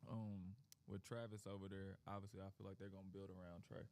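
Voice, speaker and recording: A man giving measured opinions in a casual sports talk. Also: deep voice, level tone, a little mellow, a little hiss or hum.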